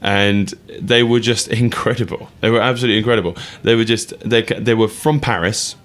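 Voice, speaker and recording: A young man with a lowish voice hosts a laid-back radio chat show. He rambles with eager enthusiasm, breaking into laughter as he talks. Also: fairly even intonation, brisk, a bit bright. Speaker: radio co-host.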